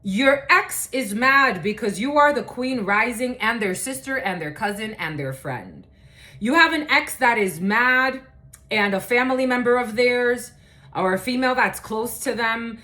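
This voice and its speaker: Woman tarot reader, lively pitch, loose casual delivery with swearing and fillers. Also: unhurried. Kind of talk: casual collective tarot reading.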